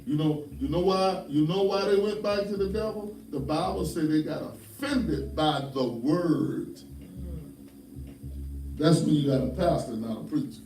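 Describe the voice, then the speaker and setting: A man's voice: fairly high pitch, unhurried, darkish tone, slight background noise. An older man, a pastor, preaching a folksy sermon full of humorous stories and stern warnings. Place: church. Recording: roomy church sound from far off.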